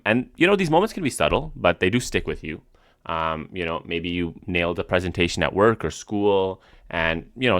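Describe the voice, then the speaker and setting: A man's voice: low voice, fairly bright tone, no room sound, studio quality. A man co-hosting a casual podcast, talking in a rambling way with lots of fillers. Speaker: podcast co-host.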